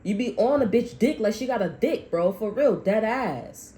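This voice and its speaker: A woman's voice: mid-range voice, lively intonation, moderate pace, mellow, rough recording. A woman tarot reader delivering a blunt, heavily profane, heated rant about what spirit is telling her. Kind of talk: channeled reading rant.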